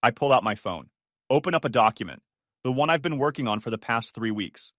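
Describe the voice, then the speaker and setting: Male first-person narrator, blunt and matter-of-fact, lively pitch, dry close recording. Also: a little fast, dry recording.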